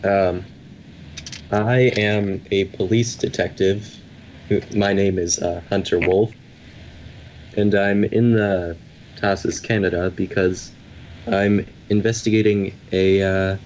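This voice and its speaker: A man with a very deep voice speaks slowly and haltingly as a player in a tabletop game. The sound is muffled and dull. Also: fairly even intonation, a little mellow, slight background noise. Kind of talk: casual chat.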